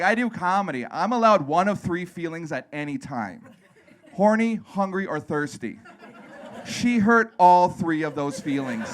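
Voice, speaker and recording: Animated, crude stand-up comedian, a man. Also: a little high. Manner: animated, self-deprecating, crude, acts out other people's voices. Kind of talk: live stand-up set. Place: comedy club stage.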